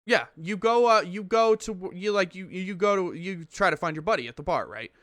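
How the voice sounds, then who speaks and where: A man with a high, fairly bright voice speaks at normal speed with lively intonation, recorded in a clean studio with no room sound. Co-hosting a podcast, he tells a long, rambling story in casual chat, swearing and restarting as he goes.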